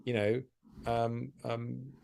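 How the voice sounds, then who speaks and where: A man, a stand-up comedian, talking candidly and self-deprecatingly in a podcast interview, animated and often laughing. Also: mid-range voice, drawn-out words, gravelly, faint music behind.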